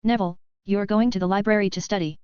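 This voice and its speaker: A relaxed, wry male professor who likes to tease as a woman narrator reads him, in a very smooth, clear voice. The recording sounds dull and dry. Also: mid-range voice, fast, no room sound, lightly acted. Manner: easy and wry. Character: easygoing, teasing male professor.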